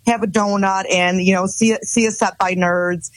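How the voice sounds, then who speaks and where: A woman's voice: medium pitch, fairly even intonation, moderate pace, no echo, poor audio. A woman guest on a radio show, promoting a dog rescue event in an upbeat way. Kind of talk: radio interview.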